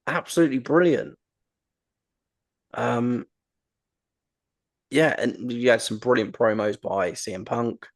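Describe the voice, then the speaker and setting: A man hosting a wrestling podcast, chatting casually and enthusiastically, with lots of ums and restarts. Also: mid-range voice. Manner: rambling, enthusiastic, frequent ums. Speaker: podcast host.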